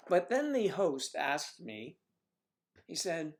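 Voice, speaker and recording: A man's voice: a little high, big pitch swings, slow pace. A man hosting a casual livestream, chatting and telling rambling stories. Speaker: livestream host.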